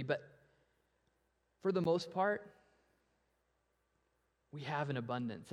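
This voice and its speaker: A man preaching a sermon, asking rhetorical questions that swell and then drop to a hush, and animated when he acts out story voices. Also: on the high side. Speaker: pastor. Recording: long reverb of a large hall.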